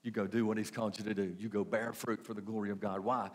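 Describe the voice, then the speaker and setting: A man's voice: fairly low pitch, little pitch movement, fast talker. A man preaching a sermon, repeating phrases and asking the congregation questions. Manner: preaching with repetition and rhetorical questions. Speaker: pastor.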